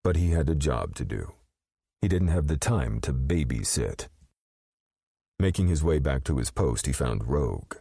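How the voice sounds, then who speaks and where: A man narrating an audiobook in a measured, expressive storytelling manner. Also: rumbling low, vocal fry, dry recording, studio quality.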